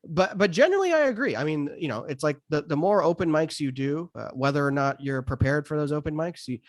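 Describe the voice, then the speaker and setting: A man's voice: a little high, expressive, brisk, no echo, studio quality. A man in his thirties from the United States, a stand-up comedian talking casually on a podcast with frequent restarts and fillers. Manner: hesitant, many restarts and fillers.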